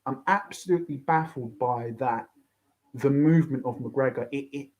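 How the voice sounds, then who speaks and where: A man's voice: mid-range voice, moderate pace, darkish tone, poor audio. A young man hosting a fight reaction, ranting and swearing as he repeats himself. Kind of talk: excited fight reaction commentary.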